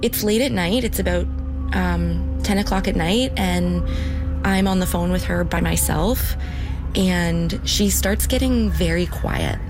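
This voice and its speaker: Earnest woman retelling a story, music under. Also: lowish voice. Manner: earnest, halting, with many "like" fillers. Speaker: interviewee. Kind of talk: recounting a personal story.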